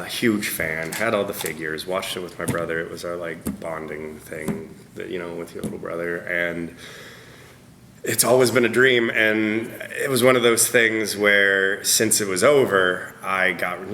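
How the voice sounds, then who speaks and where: A man being interviewed as a voice actor at a press roundtable, talking in an animated, self-deprecating way with frequent laughter. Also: sits low, normal speed, a little hiss or hum. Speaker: voice actor guest. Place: convention press room.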